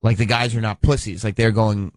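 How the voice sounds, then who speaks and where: A man's voice: fairly low pitch, fairly even intonation, fairly quick, dry recording. A man co-hosting a radio show, chatting casually and laughing often. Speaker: radio co-host. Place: radio studio. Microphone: studio microphone.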